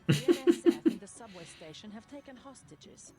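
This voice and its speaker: A woman's voice: mid-range voice, sing-song, normal speed, dark tone, faint music behind, natural voice. A woman voicing a cold, stern cyborg agent. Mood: cold, commanding. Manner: clipped, formal, without contractions. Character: cold cybernetic female agent, stern and proud.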